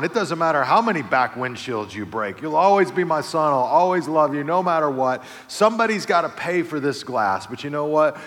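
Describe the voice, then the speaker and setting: A middle-aged man preaching a sermon as pastor, telling a family story, moving between quiet, low passages and loud, animated stretches. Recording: long reverb of a large hall.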